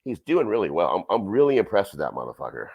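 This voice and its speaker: A man co-hosting a podcast with a very deep voice and a lively, swinging delivery. He speaks in a laid-back way and draws out some of his remarks. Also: fast talker, gravelly, breathy edge. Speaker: podcast co-host. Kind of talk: casual chat.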